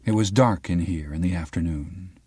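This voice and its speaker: A man narrating a crime novel as an audiobook in an even, unhurried way. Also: low voice, breathy edge, dry recording, studio quality. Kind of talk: scripted narration.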